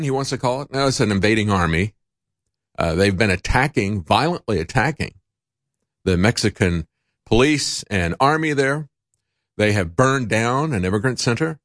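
Male talk host, indignant and sarcastic, swinging pitch, dry studio sound. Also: fairly bright tone, no echo. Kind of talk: political commentary. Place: broadcast studio.

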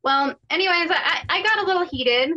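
A woman's voice: very high voice, lively intonation, moderate pace, sharp tone. A woman, a business owner, speaking as a guest and telling her story in an upset, hesitant way with many fillers. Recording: dull lo-fi line.

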